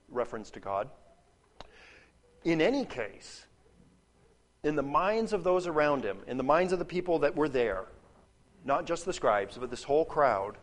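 A man giving a spoken lesson on a Bible passage. He explains as he goes, restarts and repeats words while he thinks, and checks in with "okay?" and "right?". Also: a little high. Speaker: Bible teacher.

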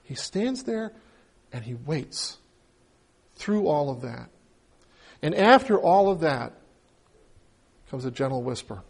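A man's voice: fairly high pitch, sing-song, takes it slowly, gravelly, long pauses, slightly rough. A man preaching a conversational sermon, retelling the story with humor and acting out the characters' pleas with rising emotion. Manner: conversational, acts out biblical voices with rising emotion. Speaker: pastor.

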